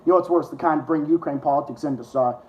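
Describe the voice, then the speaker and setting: A man's voice: a little high, quick pace, dull audio. A man hosting a live stream, ranting to his chat with heavy swearing and sarcasm. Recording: roomy echo.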